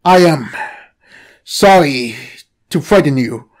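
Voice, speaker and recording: A man voicing a calm, mysterious talking snake, with a slow, measured and hushed delivery. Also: on the high side, voice pushed down. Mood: ominous calm.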